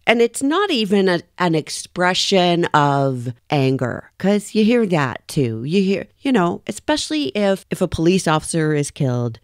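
Woman, middle-aged, low voice, dry recording, emphatic indignant commentary. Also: dry recording. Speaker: reaction video host. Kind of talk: commentary on trial footage.

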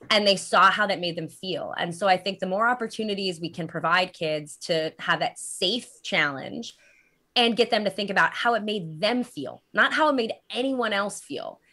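A woman's voice: medium pitch, sharp tone. A woman in her thirties, a running coach and guest author, talking earnestly and thoughtfully in casual podcast chat. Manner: earnest, thoughtful, frequent ums.

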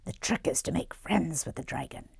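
A woman voicing a kindly, wise male troll with a gravelly voice who talks calmly. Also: sits low, moderate pace, no echo, clean studio sound, full character voice. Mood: amused.

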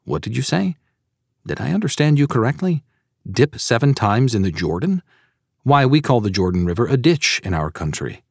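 A man's voice: medium pitch, sing-song, moderate pace, vocal fry, a little mellow, dry recording, clean studio sound. A man voicing a proud, indignant army general with a haughty, aggrieved tone. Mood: incredulous.

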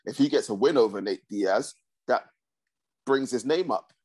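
A man hosting a casual sports podcast, talking in a steady, measured way. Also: mid-range voice. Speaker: podcast host.

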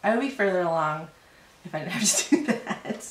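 A woman in her thirties, co-hosting a casual knitting podcast, chatty and quick to laugh, still a little sick. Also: on the low side, expressive, far from the mic. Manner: chatty, laughing, self-deprecating. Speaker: podcast co-host. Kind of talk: casual chat about knitting. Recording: roomy echo, voice a bit off-mic.

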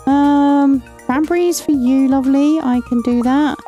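A woman's voice: high voice, fairly even intonation, unhurried, mellow, faint music behind. An English woman giving casual, chatty commentary while playing and reading game dialogue aloud, affectionately calling characters "lovely". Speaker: gaming channel host.

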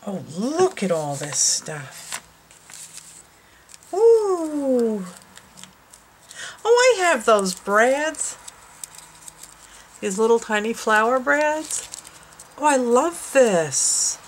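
A woman's voice: on the high side, sing-song, drawn-out words, pauses often, slight background noise, poor audio. A woman hosting a casual craft unboxing vlog at home, gushing and exclaiming over each item. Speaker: craft channel host. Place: her home.

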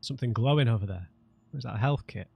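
A man's voice: mid-range voice, quick pace, gravelly, slightly rough, highs cut off. A man, chatting casually while playing a game, with wry asides. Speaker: let's play gamer. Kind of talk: casual gameplay commentary.

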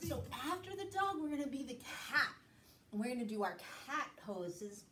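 A woman's voice: high voice, sing-song, moderate pace, pushed and bright, reverberant, recorded from a distance, slight background noise. A woman leading a children's yoga class in a playful, sing-song way, making animal sounds as she goes. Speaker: kids' yoga teacher.

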